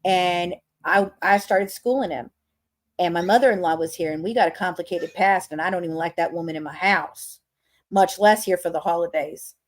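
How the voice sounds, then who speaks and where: A woman's voice: on the low side, moderate pace. A woman hosting a podcast, telling a story in a casual rant that is profane, emphatic and dramatic. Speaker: podcast host.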